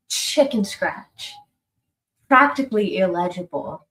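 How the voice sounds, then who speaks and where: A woman's voice: medium pitch, slow pace, poor audio. A woman narrating as game master of a tabletop game, chatty and given to laughing, dropping to a whisper for suspense.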